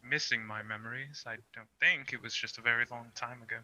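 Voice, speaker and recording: A man playing a tabletop game, talking in character in an easygoing way. He has a very bright, forceful voice at a middle pitch. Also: fairly even intonation, a little fast, no echo. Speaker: player. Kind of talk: casual in-character chat.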